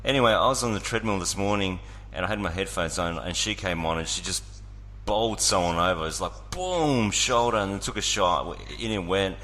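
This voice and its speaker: A man co-hosting a podcast, joking and telling animated stories. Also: low voice, fairly quick, a little hiss or hum. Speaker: podcast co-host. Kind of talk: casual podcast chat. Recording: long reverb on the voice.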